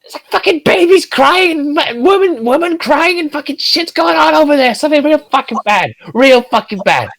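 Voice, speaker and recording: A man voicing a scared, cursing adventurer in a hushed, frantic voice. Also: very high-pitched, expressive, normal speed, gravelly, hardly any pauses, pitched above the performer's own voice, exaggerated voice.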